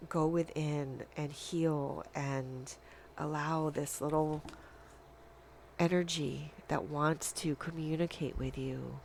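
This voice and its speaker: A woman giving a spiritual tarot reading, speaking in a dreamy, halting way with long pauses. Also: deep voice, vocal fry, a little hiss or hum. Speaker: tarot reader.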